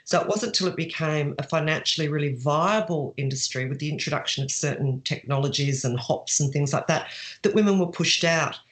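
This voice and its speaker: A woman's voice: low-pitched, fairly quick. Brief: middle-aged woman author, chatty, restarts often, laughs into her stories. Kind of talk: casual interview answers.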